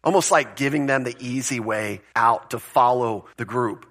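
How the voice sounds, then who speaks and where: Man, pastor, conversational sermon, bright tone, rhetorical questions. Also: medium pitch, normal speed. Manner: conversational, explaining word meanings with rhetorical questions.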